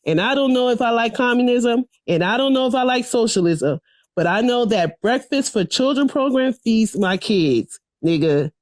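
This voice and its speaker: A woman's voice: fairly high pitch, expressive, normal speed, no echo, studio quality, pitched above the performer's own voice, close to an everyday voice. Woman doing a fed-up older lady telling off a cop, sassy and blunt. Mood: defiant. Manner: defiant, scolding.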